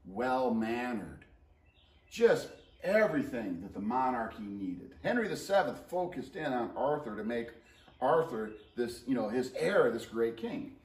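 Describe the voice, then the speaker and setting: A man teaches history in a loose, conversational lesson shared with a colleague, and his voice rises and falls with animated, joking energy. He sounds set back from the microphone, and the room around him rings noticeably. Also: mid-range voice, a little slow. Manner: animated and joking, playful asides. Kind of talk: casual co-taught history lesson. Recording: roomy sound, mic at a distance.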